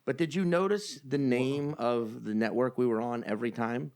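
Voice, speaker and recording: A man's voice: mid-range voice, normal speed, darkish tone, clean tone. A man co-hosting a comedy podcast in casual chat, joking, swearing freely and drifting into silly accents. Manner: jokey, slips into silly put-on accents; swears freely, laughs often. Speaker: podcast co-host.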